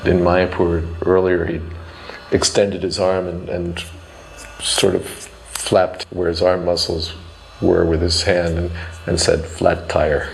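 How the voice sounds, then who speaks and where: A man with a gravelly voice recalling past events as a devotee. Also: sits low, completely flat delivery, slow pace, a little hiss or hum, poor audio. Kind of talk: reflective recollection.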